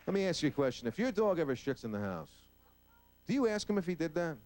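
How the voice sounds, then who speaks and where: A man's voice: on the high side, very animated, quick pace, a little mellow, some chatter behind. A male stand-up comedian on stage before a live audience, talking brashly and profanely and acting out voices. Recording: hissy old VHS tape recording.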